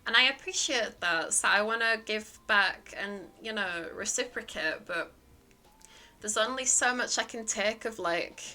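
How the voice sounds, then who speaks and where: Bright-voiced woman rambling on stream. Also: mid-range voice, a little slow. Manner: rambling, hesitant storytelling with many fillers. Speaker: livestreamer chatting to viewers. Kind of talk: casual stream chat.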